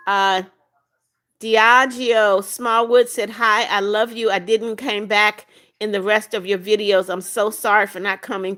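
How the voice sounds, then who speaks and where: A woman's voice: medium pitch, a bit bright. A woman hosting a live stream, reading viewer comments aloud and answering each one briefly in a motherly way. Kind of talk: casual live-stream chat.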